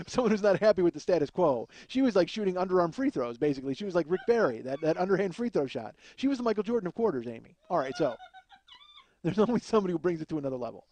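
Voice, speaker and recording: A man's voice: high voice, very animated, fast, a little mellow. A man telling a rambling, profane comic story as a podcast host, often laughing at his own tale. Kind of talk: comedic storytelling.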